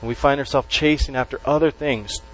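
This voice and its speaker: A man preaching a sermon to a congregation, stressing key words slowly and letting his voice drop at the ends of phrases. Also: mid-range voice, steady tone, low-quality recording. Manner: emphatic, with slow stressed words and dropped endings. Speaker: pastor.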